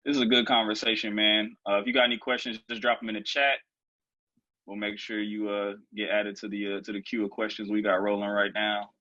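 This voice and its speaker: A man's voice: fairly low pitch, level tone, a little fast, bright, forceful tone, no echo, highs cut off. A man co-hosting a live video chat, laid-back and thoughtful, with many "like"s. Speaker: co-host. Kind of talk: casual chat on a video call.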